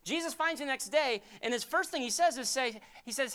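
Bright-voiced man preaching a sermon. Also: very high-pitched, wildly swooping pitch, fast talker, few pauses. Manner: conversational, emphatic storytelling. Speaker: pastor.

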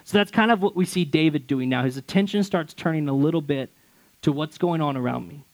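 Slightly high-voiced man preaching. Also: fairly quick, rough recording. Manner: reads scripture aloud, then explains it conversationally with restarts. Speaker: pastor. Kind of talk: sermon.

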